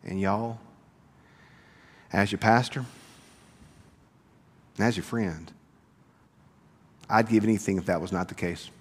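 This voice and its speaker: A pastor delivering a sermon, moving between hushed, tender passages and loud, rising preaching. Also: male voice, lowish voice, slow, pauses often, husky. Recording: reverberant church hall.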